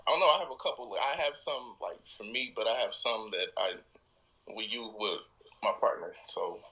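A man's voice: on the low side, normal speed, bright, forceful tone, husky, rough recording. A man as a guest on a casual podcast, laid-back and joking, dodging personal questions.

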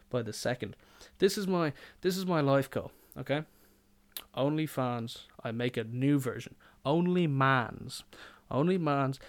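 Young man, podcast host, smooth resonant voice, rambling and jokey, swears freely. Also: mid-range voice. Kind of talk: casual podcast monologue.

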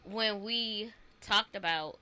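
A woman's voice: medium pitch, takes it slowly, bright, forceful tone, smooth. A woman who is a parent, earnestly telling a personal story in a casual podcast chat and acting out the dialogue. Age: adult parent.

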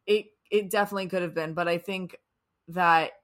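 A woman's voice: fairly low pitch, fairly even intonation, a little fast, fairly bright tone. A young woman co-hosting a casual TV recap podcast, rambling, swearing freely, and trailing off into restarts. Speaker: podcast co-host. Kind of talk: casual chat.

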